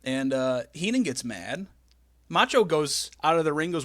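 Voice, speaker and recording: A man hosting a podcast, excitedly recapping and telling the story in casual chat. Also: fairly high pitch, measured pace, no room sound, studio quality. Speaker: podcast host.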